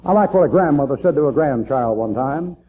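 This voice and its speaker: A man's voice: on the high side, expressive, brisk. A man preaching a fiery sermon in a church, folksy and emphatic, repeating lines for effect. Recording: tinny, phone-like old tape recording.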